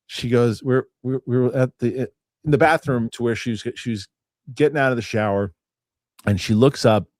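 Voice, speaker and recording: A middle-aged man hosts a casual chat show in a mid-range voice at normal speed, recorded clean in a studio with no room sound. He rambles, restarts his sentences, and acts out other people's lines.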